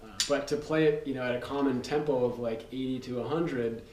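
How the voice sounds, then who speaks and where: The recording is roomy and noisy, picked up by a distant mic, as a male drum teacher with a mid-range voice explains rudiments fairly quickly. His casual lesson is relaxed and loose, with fillers and counting aloud.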